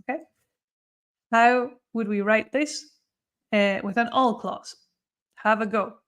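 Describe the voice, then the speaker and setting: A woman teaching English grammar in a live online lesson, slowing down on example sentences and counting down for tasks. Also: on the high side. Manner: lively, slow for emphasis, counts down for tasks.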